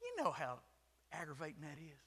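Casting: folksy pastor, very bright, somewhat high voice, preaching into a long-echo church hall. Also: male voice, huge pitch swings, brisk, slightly rough. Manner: folksy, self-deprecating storytelling with jokes. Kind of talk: sermon.

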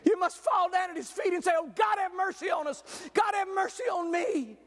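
Male pastor, impassioned preaching from shout to hush, bright high tone echoing through a large sanctuary. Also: brisk. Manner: fervent preaching, swings from shouting to near-whispers. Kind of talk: sermon. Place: church sanctuary. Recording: long hall reverb.

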